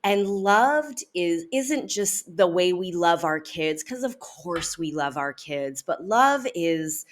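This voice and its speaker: A woman teaching parents in a relaxed, conversational way, often pausing with "um" and checking in with "right?". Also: on the low side. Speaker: parenting educator. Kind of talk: explanatory talk to parents.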